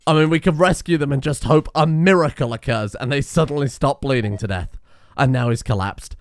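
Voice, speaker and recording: A young man giving casual, excitable let's-play commentary, swearing and laughing at in-game disasters. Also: mid-range voice, fairly quick, no room sound, clean studio sound. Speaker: gaming video host.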